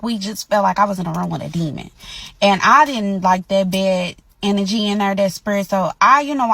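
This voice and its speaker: A woman, telling a personal story in a casual, animated, emphatic way. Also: medium pitch, creaky, dry recording. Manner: animated, emphatic retelling with colloquial speech.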